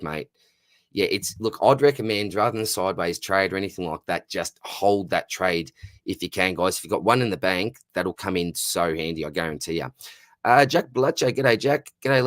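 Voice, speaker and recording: A man's voice: sits low, no room sound, studio quality. A young Australian man hosting a fantasy football livestream, chatting casually and greeting viewers by name, calling everyone "mate". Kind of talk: casual livestream chat reading viewer comments.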